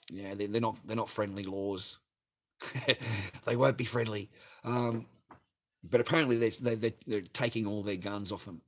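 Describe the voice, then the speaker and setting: A man hosting a livestream and reading viewer chat, talking in a profane, rambling, blunt way. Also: lowish voice. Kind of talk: casual livestream rant.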